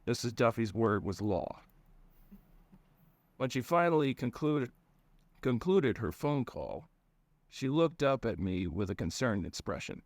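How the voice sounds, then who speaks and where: A man reading his own first-person story aloud in a plain, relaxed storytelling manner. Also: medium pitch, a little slow, pauses often, no room sound.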